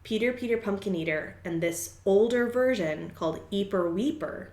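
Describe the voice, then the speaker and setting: A woman's voice: medium pitch, moderate pace, darkish tone, reverberant. A young woman co-hosting a podcast, explaining things at length in casual chat with lots of fillers. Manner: rambling explainer with many fillers. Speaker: podcast co-host.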